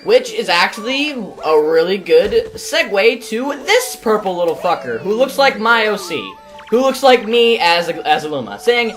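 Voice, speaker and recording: A woman's voice: medium pitch, animated, normal speed, poor audio. A woman hosting a let's play, chatting casually about the game as she plays and swearing now and then. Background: game music.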